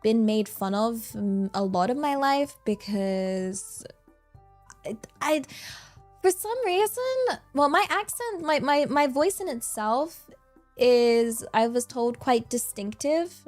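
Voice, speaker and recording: A giggly English woman with a rural accent, chatting casually and rambling on her stream. Her voice sits fairly high, with faint music quietly behind. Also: expressive, slow. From England. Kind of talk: casual chat.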